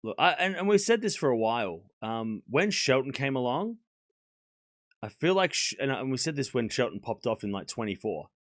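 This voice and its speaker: A man hosting a casual live tennis watchalong, rambling with repeated restarts and switching into brisk play-by-play calls. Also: medium pitch, dry recording, clean studio sound. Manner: animated, rambling, repeats words while restarting sentences. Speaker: host and live tennis commentator. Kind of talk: casual livestream watchalong commentary.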